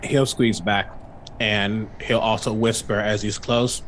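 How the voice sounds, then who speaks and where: A man's voice: slow, slight background noise. A man playing a tabletop horror game who switches between hesitant questions and in-character speech. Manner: hesitant, with lively swoops of pitch. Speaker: player. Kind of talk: tabletop role-play, speaking in character.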